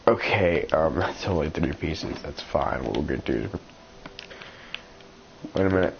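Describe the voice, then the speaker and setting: A congested, slightly rough man with a very low voice rambles through gameplay commentary, restarting sentences and filling pauses with ums. The recording is a little dull and lo-fi, with faint noise underneath. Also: lively intonation. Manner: rambling, thinks aloud with many ums and restarts. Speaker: gaming channel host.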